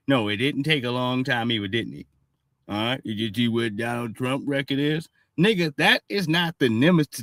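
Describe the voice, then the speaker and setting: A man's voice: mid-range voice, a bit bright, dry recording, clean studio sound. A man streaming live and reacting to a clip, blunt and profane, with a running "all right" between remarks. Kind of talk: casual reaction commentary.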